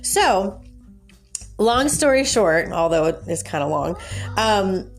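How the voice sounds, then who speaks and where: A woman hosting a podcast, telling a personal story in a casual, animated way and laughing often. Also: medium pitch, takes it slowly, creaky, soft background music. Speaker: podcast host and life coach.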